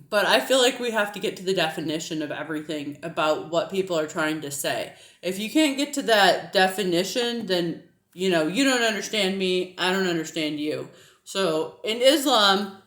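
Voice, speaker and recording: A woman's voice: mid-range voice, a bit bright, roomy sound. A woman with a faint Southern American twang, talking casually about faith, laughing often and using many fillers. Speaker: Christian apologetics video host. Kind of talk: casual teaching monologue.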